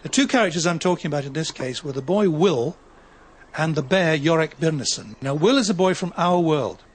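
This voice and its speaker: Husky man speaking about writing. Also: on the high side. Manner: dry, measured and wry. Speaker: novelist. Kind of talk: reflective talk on writing.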